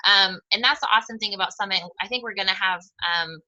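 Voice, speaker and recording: A woman coach rallying her team in a very bright, sharp voice. She talks candidly and with emphasis, slipping in mild swears and jokes at her own expense. She speaks at a middling pitch for a woman. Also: steady tone, fast, highs cut off. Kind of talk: motivational team call talk.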